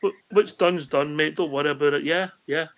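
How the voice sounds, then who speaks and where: A man's voice: a little high, steady tone, a little fast, a crowd in the background. A man co-hosting a fan radio show, upbeat and chatty. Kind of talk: casual fan radio chat. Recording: dull lo-fi sound.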